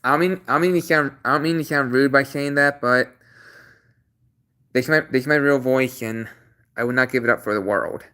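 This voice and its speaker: Earnest man with bright voice repeating himself. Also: medium pitch, smooth. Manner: repetitive, halting, many restarts; earnest, apologetic. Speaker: channel host. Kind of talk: casual livestream talk.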